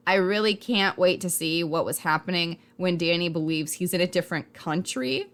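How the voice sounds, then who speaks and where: A woman's voice: on the low side, moderate pace. Chatty young woman wondering aloud. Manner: animated, wondering aloud with many questions. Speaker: podcast co-host reviewing a TV series. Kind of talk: casual chat.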